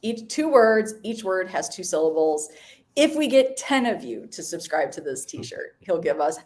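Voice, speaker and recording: A woman's voice: fairly low pitch, sing-song, normal speed, a little mellow. Chatty woman cohost on a livestream, bubbly, teasing, laughs a lot. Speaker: co-host. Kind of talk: casual live-stream chat.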